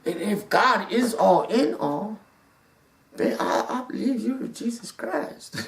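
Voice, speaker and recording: A devout man gives a personal testimony in an unhurried, faltering way, tripping over and repeating his words. His pitch rises and falls in a lively way. He sits well back from the mic in a roomy, echoing space. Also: creaky. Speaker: speaker telling his story. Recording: roomy sound from a distant mic.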